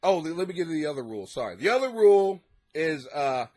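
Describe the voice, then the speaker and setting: A man's voice: fairly high pitch, sing-song, quick pace, darkish tone. A man hosting a comedy podcast from his basement, telling stories in a loose, profane, storytelling way. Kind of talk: casual comedic monologue. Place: home basement.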